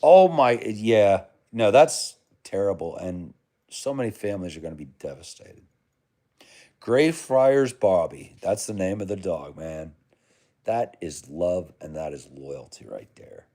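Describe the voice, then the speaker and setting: A chummy American man with a lowish voice, talking casually on a livestream and answering viewers. His pitch jumps around a lot as he rambles, calling people brother and man. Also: animated, a little slow, dark tone. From United States. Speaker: livestream host. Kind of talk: casual live chat reading comments.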